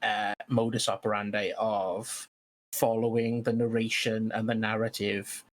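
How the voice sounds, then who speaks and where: A man's voice: lowish voice, little pitch movement, a little slow. A man co-hosting a podcast in casual chat about tabletop games, talking hesitantly with many restarts. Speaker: podcast co-host.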